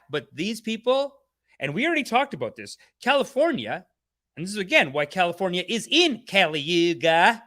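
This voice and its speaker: Man, comedic rant host, sarcastic, preachy mock-guru manner, bright voice, very lively pitch. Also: moderate pace.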